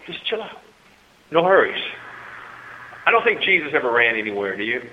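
A man preaching a sermon to a congregation, swinging between soft asides and loud, high-pitched exhortation and calling for amens. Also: very animated, normal speed. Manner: talks with the congregation, calls for amens. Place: church hall. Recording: tinny phone-like recording in a reverberant hall.

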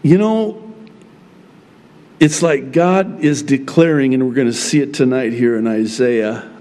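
A man preaching a sermon as pastor, opening in prayer and then speaking with slow, emphatic delivery. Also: mid-range voice, dark tone, long reverb tail.

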